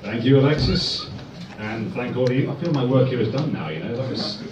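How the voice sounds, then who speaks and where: A man performing a stand-up comedy set in a club, telling deadpan one-liners. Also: medium pitch, a little fast, distant mic, noisy background. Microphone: far phone recording. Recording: echoey dull phone recording from afar.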